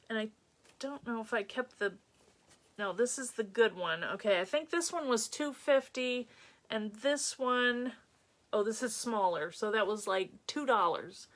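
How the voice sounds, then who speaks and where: A middle-aged woman with a New York accent leads a casual live-stream craft tutorial. Her voice sits a little high, and she chats along freely, greeting viewers by name between steps. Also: fairly bright tone.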